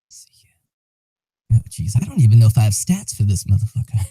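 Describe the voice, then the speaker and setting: A man's voice: on the low side, sing-song, normal speed, warm tone, husky, dry recording. A man playing a tabletop game, talking casually and animatedly, laughing often and swearing now and then. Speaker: player.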